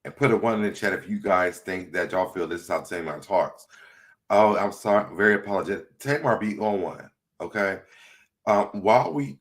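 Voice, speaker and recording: A man hosting a casual livestream, chatty and laughing often as he reads viewer comments aloud. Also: low voice. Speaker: livestream host.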